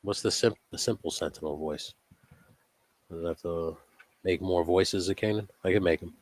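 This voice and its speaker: A man's voice: sits low, normal speed, darkish tone, no room sound. A man co-hosting a live stream, reading chat questions aloud in loose, joking banter and swearing freely.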